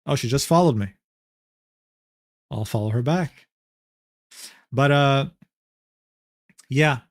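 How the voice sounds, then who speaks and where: A man's voice: mid-range voice, slow, dry recording, clean studio sound. A young man streaming live, reacting to a document in loose, rambling commentary full of slang fillers. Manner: rambling, filler-heavy slang with "bro" and "dude".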